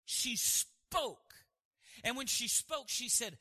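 A man's voice: extremely high pitch, animated, slow pace, bright, forceful tone. A man preaching a sermon as pastor, asking the congregation questions and answering them himself. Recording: hall reverb.

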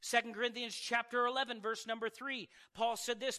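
Animated high-voiced pastor in a church hall. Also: male voice, fairly quick, hardly any pauses. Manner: conversational, laughing asides, animated storytelling. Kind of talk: sermon. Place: church sanctuary.

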